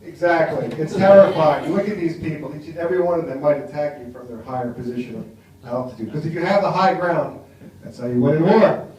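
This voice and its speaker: An American man works a small café bar crowd with a wry, chatty stand-up set. His voice sits a little high and comes from some distance off the mic. The room rings with heavy echo and a faint noise underneath. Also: quick pace, a little mellow, highs cut off. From United States. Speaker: stand-up comedian.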